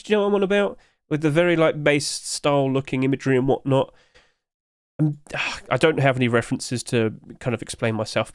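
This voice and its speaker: A young man talks casually through game skins, chatty and often putting questions to his viewers. His voice sits fairly high. The sound is dry and close, with no room around it. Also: no echo. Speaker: video game skin reviewer.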